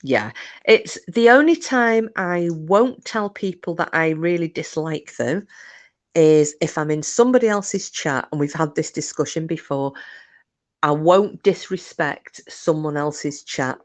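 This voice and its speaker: Low-voiced woman streamer chatting with her viewers, blunt, swears a lot. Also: expressive, measured pace. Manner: blunt, straight-talking, swears freely. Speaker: livestream host chatting with viewers. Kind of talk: casual chat.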